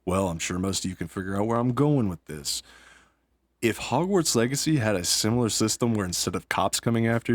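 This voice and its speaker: A man's voice: fairly low pitch, no room sound. A man and father talking casually about a video game, rambling, tripping over his words and laughing at himself. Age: adult with young kids. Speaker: gaming YouTuber. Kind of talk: casual gaming commentary.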